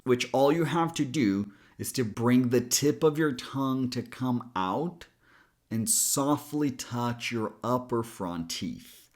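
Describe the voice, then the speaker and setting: A male pronunciation coach with a lively, mid-range voice speaks slowly. In this pronunciation lesson, he demonstrates sounds in a slow, drawn-out way.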